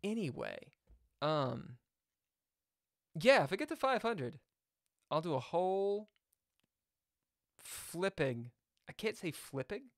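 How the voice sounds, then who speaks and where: A man's voice: high voice, wildly swooping pitch, slow, vocal fry, long pauses, dry recording, studio quality. A man chatting casually on a live chess stream, reading viewer comments aloud and jumping from topic to topic. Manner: chatty, jumps between topics, reads chat aloud.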